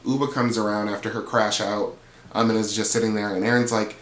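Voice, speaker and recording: A man's voice: on the low side, steady tone, fairly quick, a bit bright, roomy sound. A man hosting a reality TV recap, gossiping and swearing freely while acting out what others said. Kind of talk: casual recap monologue.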